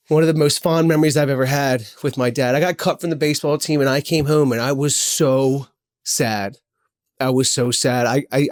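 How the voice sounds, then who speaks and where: A man in his forties telling personal stories in a heartfelt, rambling way, repeating himself and swearing casually. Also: on the high side. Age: 40s. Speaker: podcast host. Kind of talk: personal storytelling monologue.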